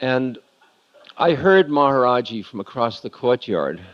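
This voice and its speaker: A spiritual lecturer telling a confessional story candidly and laughing at himself, heard on a muffled lo-fi tape. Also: male voice, mid-range voice, very animated, a little slow.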